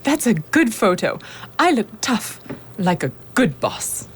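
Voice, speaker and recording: A woman's voice: mid-range voice, big pitch swings, takes it slowly, husky, exaggerated voice. An actress playing a pompous, self-important woman who runs a construction company, in a children's radio drama. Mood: bossy. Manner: bossy, self-important, showy. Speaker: company manager.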